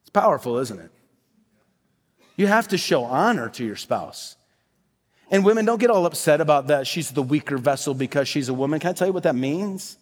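A man's voice: on the high side, animated, a little fast, in a large hall. A man preaching a sermon as pastor, addressing the congregation directly and repeating key phrases for emphasis. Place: worship center.

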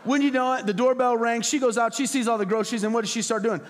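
High-voiced man preaching in a reverberant hall. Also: brisk. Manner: storytelling, acts out voices in quotes. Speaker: pastor. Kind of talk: sermon.

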